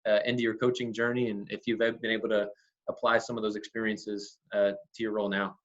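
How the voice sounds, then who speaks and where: A man's voice: lowish voice, little pitch movement, a little fast, a bit bright, lo-fi sound. A man hosting an interview, giving the guest encouraging, rambling prompts. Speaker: podcast host. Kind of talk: interview questions.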